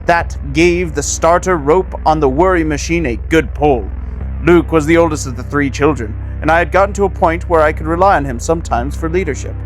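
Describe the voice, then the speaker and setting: A man co-hosting a podcast, reading a story aloud in a low, flat news-anchor style. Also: fairly quick, soft background music, low-quality recording. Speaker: podcast co-host and story reader.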